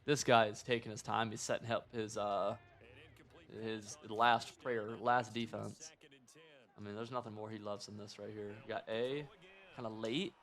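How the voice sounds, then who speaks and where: A young man streaming a football video game, chatting and reacting in casual gameplay commentary, swinging from muttering to yelling. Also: lowish voice, normal speed. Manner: excitable, talks to himself and the opponent, jumps from mutters to yells.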